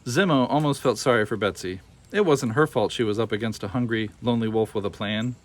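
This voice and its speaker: A man reading a children's picture book aloud with expressive, animated storytelling. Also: on the low side, a little fast. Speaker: storybook reader.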